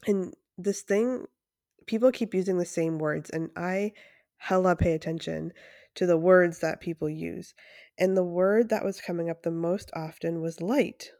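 A woman's voice: on the low side, steady tone, a little slow, dark tone, dry recording, studio quality. A young woman hosting her own podcast as a breathwork facilitator, talking in an enthusiastic, chatty way with frequent fillers and restarts. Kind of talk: casual solo podcast monologue.

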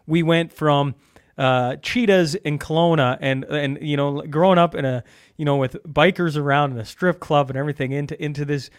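Male podcast host from Canada, fairly high voice, dry close mic, animated talker. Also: moderate pace, clear, resonant tone, no echo. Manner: animated storytelling, mimics phone systems. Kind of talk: casual chat.

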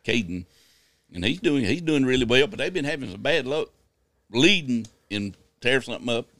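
A man's voice: mid-range voice, lively intonation, moderate pace, fairly bright tone, no room sound. A man co-hosts a casual podcast, agreeing readily and adding short remarks. His voice sits mid-range, and the sound is close and dry. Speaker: podcast co-host. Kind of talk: casual chat.

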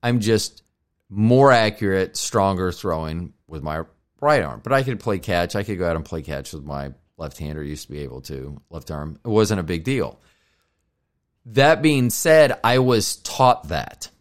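Rambling, low-voiced man in his fifties. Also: expressive, a little slow. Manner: rambling, profane, self-mocking. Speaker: podcast host. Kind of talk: casual solo monologue.

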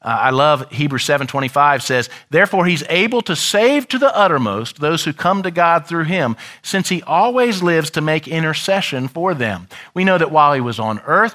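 A man pastor preaching a sermon in a church, shifting dramatically and shouting out the crowd's lines. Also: fairly high pitch.

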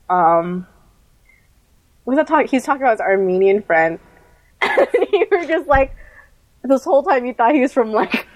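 A woman in casual conversation, talking in a loose, chatty way full of fillers and quick laughs. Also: medium pitch, darkish tone, poor audio. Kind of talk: casual chat.

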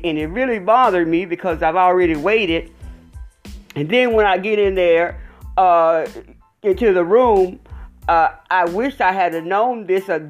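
A woman telling a rambling, animated storytime rant with lots of fillers. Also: lowish voice.

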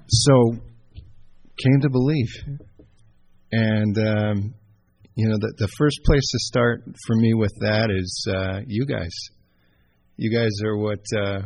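Gravelly, husky man sharing his story. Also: fairly low pitch, a little mellow. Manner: nervous, self-deprecating. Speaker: recovery meeting speaker. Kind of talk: personal testimony.

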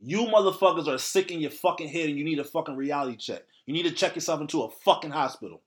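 Male podcast host, blunt and profane, slightly high voice, ranting solo to his audience. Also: fast talker.

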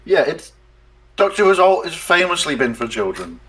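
Man, podcast co-host, blunt and jokey, sweary, slightly husky voice. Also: fairly high pitch, sing-song, normal speed, fairly bright tone. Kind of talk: casual fan chat.

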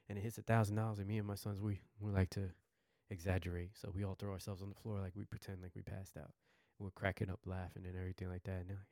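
A man tells his story casually on a podcast, excitable and prone to repeating himself and restarting sentences. His voice is very low and dark, with a gravelly fry. The recording is close and dry. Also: fast, no echo. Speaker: podcast host.

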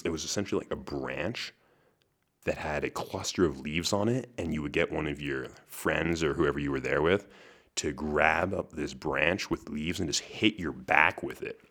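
A man's voice: a bass voice, a bit bright. A young man hosting a podcast on his own, telling a story in a chatty way with frequent laughs. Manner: chatty, laughs between lines, restarts words. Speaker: podcast host. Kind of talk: casual solo storytelling.

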